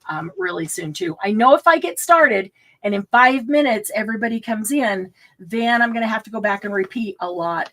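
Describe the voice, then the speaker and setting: A woman's voice: medium pitch, fairly bright tone. A middle-aged woman hosts a casual live craft stream, chatting with a guest and viewers. She talks in an easy, rambling way, laughs a lot and now and then loses her thread.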